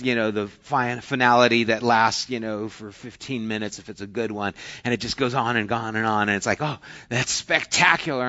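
A man preaching a sermon as pastor, telling stories with lively swings from quiet asides to loud outbursts. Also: mid-range voice, dull audio.

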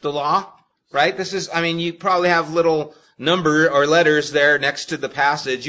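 Emphatic male preacher with a bright voice. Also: fairly high pitch, fairly quick. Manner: expressive, emphatic preaching with sharp swings in loudness; addresses the congregation directly. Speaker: pastor. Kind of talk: sermon.

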